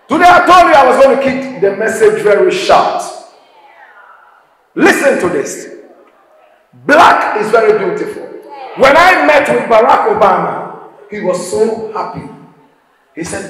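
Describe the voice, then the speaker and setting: A man with a Ghanaian accent giving an emphatic, repetitive speech to school students, often breaking into shouts. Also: high-pitched, big pitch swings, a little slow, pauses often. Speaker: motivational speaker addressing students. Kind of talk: preaching-style speech to a school crowd. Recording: echoey hall with faint background noise.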